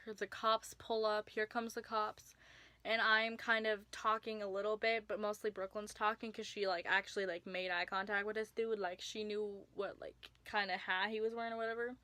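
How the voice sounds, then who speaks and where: Bright-voiced young woman telling a story. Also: mid-range voice, level tone, normal speed, no echo. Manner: chatty, lots of "like" fillers, drops to whispers for emphasis. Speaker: vlogger. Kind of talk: casual storytime vlog.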